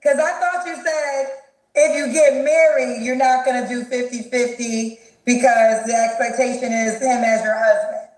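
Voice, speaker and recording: A woman interviewer with a high voice presses a guest with probing questions, repeating herself to get the point clear. The clip has an echoey room sound. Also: steady tone, moderate pace, a little mellow. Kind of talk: conversational interview.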